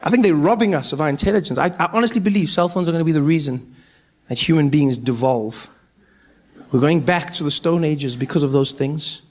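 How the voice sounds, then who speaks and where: A man's voice: fairly high pitch, fairly quick. A man in his thirties with a South African accent doing a stand-up set, acting out characters with big jumps in his voice. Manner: animated storytelling, acts out characters with big voice jumps. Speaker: stand-up comedian. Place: stage before a live audience.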